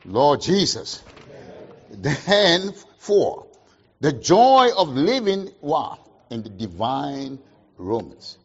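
Husky emphatic male preacher, lo-fi. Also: fairly high pitch, sing-song, extremely slow. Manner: call-and-response questions, emphatic swings in loudness. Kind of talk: sermon.

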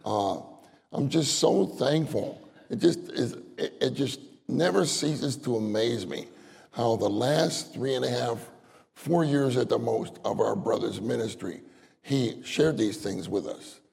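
A man's voice: mid-range voice, a little slow, gravelly, in a large hall. An older man preaching a conversational sermon, acting out short prayers as he talks. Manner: animated, conversational, acts out prayers.

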